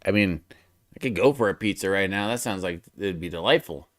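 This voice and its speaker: A man's voice: low-pitched, fairly quick, a bit bright, dry recording, clean studio sound. A man streaming as he draws, chatting casually and thinking aloud, often muttering to himself in a playful way. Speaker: streamer drawing live. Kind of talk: casual chat while drawing.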